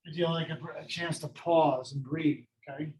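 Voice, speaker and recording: Male teacher, casual classroom lecture, rambling, self-deprecating, voice a bit on the high side. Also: fairly even intonation, normal speed, a little mellow, rough recording.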